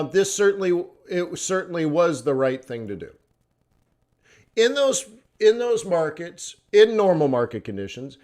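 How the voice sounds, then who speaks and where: Chatty man hosting a trading stream. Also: a little high. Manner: chatty, laughs often, fillers and restarts. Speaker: forex trading live-stream host. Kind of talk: casual live-stream chat.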